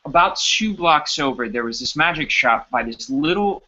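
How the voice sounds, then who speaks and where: A man's voice: a little high, lively intonation, moderate pace, sharp tone, dull audio. A man from Texas, a guest actor, telling a rambling, self-deprecating story in a casual interview. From Texas, USA.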